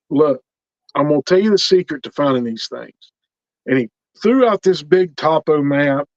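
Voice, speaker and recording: A man's voice: on the high side, no echo. A middle-aged man telling stories in casual talk, acting out the other people in each exchange. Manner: animated, quotes other people in dialogue. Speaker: interview guest telling his experiences. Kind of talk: casual storytelling. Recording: dull lo-fi recording.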